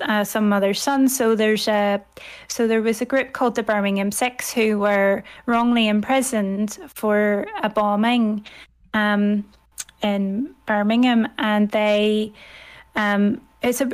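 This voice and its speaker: A woman's voice: medium pitch, fairly even intonation, measured pace, smooth. A woman in her thirties with an Irish accent, a scholar speaking in a toned-down posh telephone voice as a podcast guest. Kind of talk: podcast conversation.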